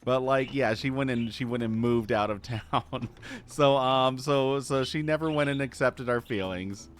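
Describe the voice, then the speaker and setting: A man's voice: medium pitch, unhurried, a little hiss or hum. A man casually chatting while streaming a game, rambling and restarting his phrases. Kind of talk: casual live-stream chat.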